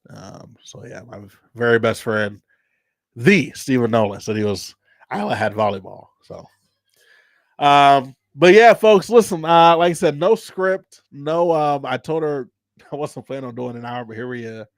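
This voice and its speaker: A man's voice: medium pitch, unhurried, no echo, clean studio sound. A man hosting an unscripted livestream chat, rambling loosely and laughing often. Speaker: host.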